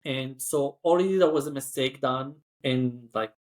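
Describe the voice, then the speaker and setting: A man's voice: mid-range voice, moderate pace, a little mellow. A man who works as cabin crew, telling a story in a chatty podcast style, full of "like" and acted-out voices. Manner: chatty, acts out quoted voices, frequent "like".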